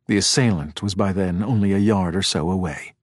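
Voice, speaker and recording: A man giving scripted audiobook narration in a steady, even storytelling manner. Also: sits low, brisk, no room sound, clean studio sound.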